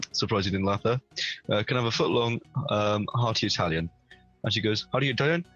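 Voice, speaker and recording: A man's voice: moderate pace, highs cut off, faint music behind. A young man co-hosting a casual podcast, telling funny stories and acting out the people in them. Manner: animated storyteller, jumps high when acting out quotes. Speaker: podcast co-host. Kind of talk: casual chat.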